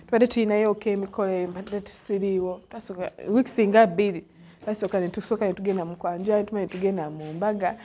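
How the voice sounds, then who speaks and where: A woman's voice: medium pitch, steady tone, quick pace, warm tone, slight background noise. A young Ugandan woman vlogging at a village school, tearful and laughing as she switches between English and Luganda. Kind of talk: casual vlog. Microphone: handheld phone.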